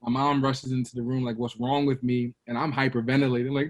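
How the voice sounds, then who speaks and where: Brooklyn guy in his 30s, middle pitch, chatty interview guest, acts out his own stories. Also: brisk, few pauses. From Brooklyn, New York. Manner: animated storyteller, acts out quotes with a raised voice. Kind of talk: casual interview storytelling.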